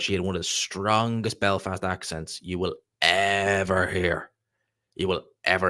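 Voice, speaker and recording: A man's voice: low voice, moderate pace, pushed and bright, no echo, studio quality. An Irish man hosting a live stream, chatting casually and rambling through answers to viewer questions. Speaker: livestream host reading viewer chat.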